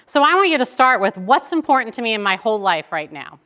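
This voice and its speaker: A woman, giving a keynote talk as lively conversational storytelling that keeps checking in with "right?". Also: on the high side, fast. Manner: chatty, animated, tags lines with "right?". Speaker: keynote speaker.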